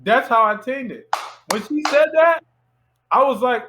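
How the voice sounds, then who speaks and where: Animated young man telling a story. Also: very high-pitched, moderate pace, a little hiss or hum. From Miami, United States. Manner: animated storyteller acting out quotes. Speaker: interview guest, filmmaker. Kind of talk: casual storytelling interview.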